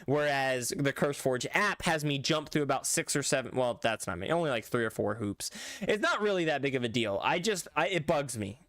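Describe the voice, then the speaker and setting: A young-sounding male streamer chats casually while gaming, rambling, correcting himself and talking back to chat. His mid-range voice is expressive, a bit bright and a little fast, recorded on a dry mic with no room sound.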